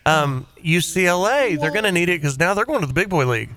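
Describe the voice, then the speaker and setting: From his private studio, a man hosts a radio talk show, rambling through stories in casual chat with animated storytelling. His voice is a little high and fast, and there is no echo.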